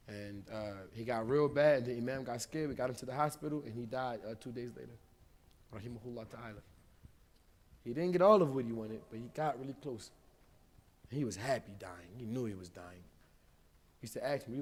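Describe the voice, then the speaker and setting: American preacher, loud and hushed by turns. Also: male voice, mid-range voice, brisk. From United States. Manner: informal street-style speech with big swings of volume. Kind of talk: live mosque talk. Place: mosque hall.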